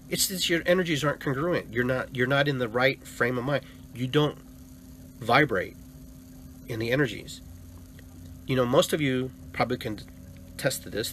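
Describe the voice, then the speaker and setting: A man's voice: medium pitch, a bit bright, a little hiss or hum. A man hosting a spiritual self-help radio show, talking to listeners in an emphatic, preachy way and often checking in with "okay?".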